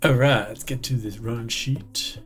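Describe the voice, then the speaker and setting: A man's voice: medium pitch, steady tone, a little slow, loud music behind the voice. An Australian man who runs the game, teasing his players with lots of giggling in casual podcast banter. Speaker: game master.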